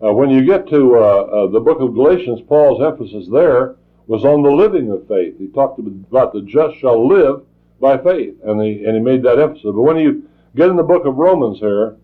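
Halting preacher on a tinny old tape. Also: male voice, medium pitch, lively intonation. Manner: halting, repeats words, frequent fillers. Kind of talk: sermon.

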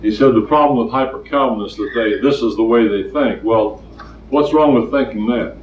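A man's voice: medium pitch, normal speed, a little hiss or hum. An older male preacher delivers a sermon in a plainspoken, storytelling way, driving points home by repeating them. He sounds far from the mic in a roomy space, and the recording is dull and lo-fi. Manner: plainspoken, storytelling, emphatic repetition.

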